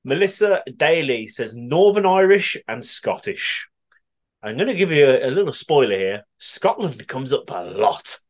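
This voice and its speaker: A man from the West Midlands, England, hosts a podcast and reads listener answers in relaxed, chatty style. He giggles, laughs and swears frequently. His mid-range voice is sing-song, at a measured pace.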